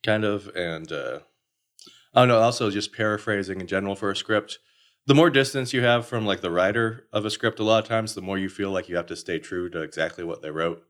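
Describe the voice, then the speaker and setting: A man, a sketch comedian, chatting in a casual interview, relaxed and hesitant, with self-mocking laughs. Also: fairly low pitch, brisk.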